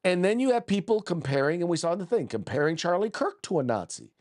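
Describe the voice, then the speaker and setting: This podcast host speaks quickly in a high, sing-song voice with a slightly mellow quality. On his political show he's combative and blunt, reading news stories out loud while often restarting and repeating himself.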